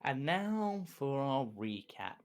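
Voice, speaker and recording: A game master who laughs often, opening the show and narrating the recap of a tabletop game. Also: medium pitch. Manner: lively, laughs often, unhurried storytelling.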